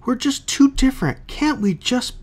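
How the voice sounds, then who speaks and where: A distraught woman counselor from a comic book, as a man reads her lines aloud. The voice is pushed well above his own into a thin, strained falsetto. It comes out pleading and shaky. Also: expressive, normal speed, a little mellow. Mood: hurt, pleading.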